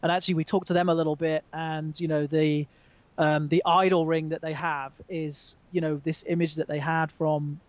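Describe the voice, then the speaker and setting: British male guest, slightly high voice, halting, on a muffled dry call line. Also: level tone, dry recording. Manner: hesitant, many ums, chatty. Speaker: magazine editor, guest. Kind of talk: casual chat over a call. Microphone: remote call.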